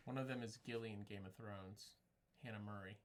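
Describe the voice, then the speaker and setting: A man co-hosting a casual film talk show, chatty and quick with short agreements. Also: lowish voice, steady tone. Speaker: podcast co-host.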